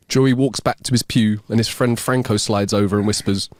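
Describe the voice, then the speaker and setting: A man reading jokes aloud, telling them as steady stories. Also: mid-range voice, fairly quick, hardly any pauses, dry recording. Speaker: joke reader.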